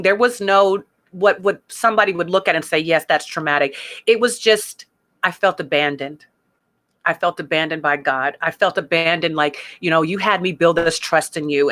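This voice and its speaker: Woman, ministry podcast host; bright, lowish voice; candid, emotional, chatty delivery. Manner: emotional, conversational, reads song lyrics aloud, fillers like "like". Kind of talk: candid personal faith talk.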